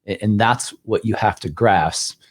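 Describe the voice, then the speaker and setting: Casting note: low-voiced male podcast co-host, blunt and emphatic, swears freely. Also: unhurried. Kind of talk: casual podcast talk.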